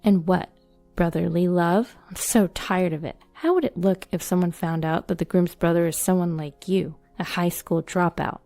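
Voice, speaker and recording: A woman's voice: lowish voice, fairly even intonation, normal speed, faint music behind, lightly acted. Woman reading as a snappish young bride. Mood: scornful. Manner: sharp, scornful, flustered. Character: snobbish young bride, irritable and frantic.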